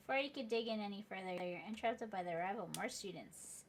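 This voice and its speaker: A woman's voice: medium pitch, fairly quick, hardly any pauses, a bit bright. A young adult woman hosting a let's play, reading game narration aloud with playful, giggly asides.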